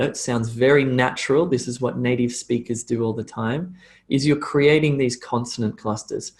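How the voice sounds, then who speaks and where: Australian man teaching a pronunciation class. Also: mid-range voice. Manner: demonstrates sounds by repeating them; jokey, checks in with "okay?". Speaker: English teacher.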